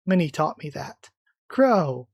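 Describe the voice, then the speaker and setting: A reader voicing an ancient time-bending magic, calm and solemn, in a plain everyday voice. The sound is close and dry, with no room around it. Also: mid-range voice, takes it slowly, slightly rough, no echo, full character voice.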